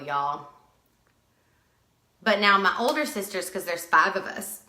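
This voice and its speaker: A woman's voice: medium pitch, lively intonation, unhurried, bright, forceful tone, roomy sound. A chatty woman giving a casual live makeup tutorial at home, greeting viewers by name as she works. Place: at home, with dogs nearby.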